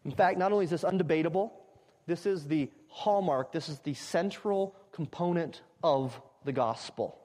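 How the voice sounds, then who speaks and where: Man, preacher, expository sermon, emphatic, repetitive build-ups, church sanctuary, long hall reverb. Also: on the high side. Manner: emphatic, repeats phrases and builds to loud climaxes.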